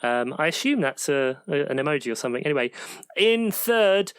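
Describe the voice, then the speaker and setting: A man with a raised, lightly high voice reads out league standings in chirpy announcer fashion. He teases his friends between entries. The sound is dry and close, with no room around it. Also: sing-song, a little fast, clean tone, dry recording. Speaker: podcast co-host. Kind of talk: casual chat, reading out league standings.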